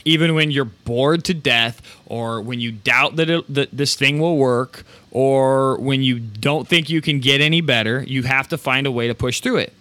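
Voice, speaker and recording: A man hosting a live show, giving casual, energetic motivational talk about running a print business, with rambling restarts and some swearing. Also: mid-range voice, moderate pace, hardly any pauses, dry recording.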